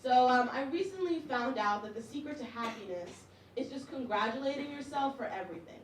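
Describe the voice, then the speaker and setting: Young woman doing stand-up, high voice, echoey room. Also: lively intonation, a little fast. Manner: chatty and self-mocking, with frequent likes and laughs. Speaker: stand-up comedian. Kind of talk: stand-up comedy set. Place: comedy club stage with audience. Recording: echoey room, mic heard from a distance, audience noise.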